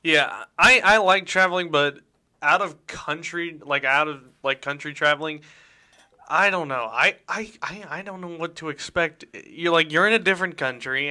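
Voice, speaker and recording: Speaking from a radio studio, a man hosts a show with a slightly high, bright voice that's forceful and clean. His casual radio chat is loose and rambling, full of jokes, and he often repeats words as he goes.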